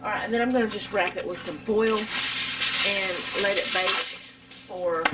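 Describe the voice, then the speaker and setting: A woman's voice: mid-range voice, measured pace, very noisy. A middle-aged woman, chatting casually through a home cooking vlog in her kitchen, rambling with lots of fillers.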